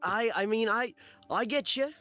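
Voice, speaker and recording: A man voicing a huge blacksmith made of fire and rock, loud and blunt with brash outbursts. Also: sits high, moderate pace, soft background music, voice pushed up. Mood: sympathetic.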